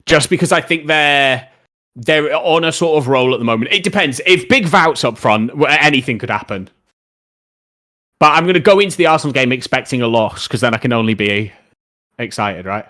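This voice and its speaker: Chatty streamer talking football. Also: male voice, mid-range voice, lively intonation, normal speed, bright, forceful tone. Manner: rambling, opinionated football talk, reading out chat questions. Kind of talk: casual live-stream chat.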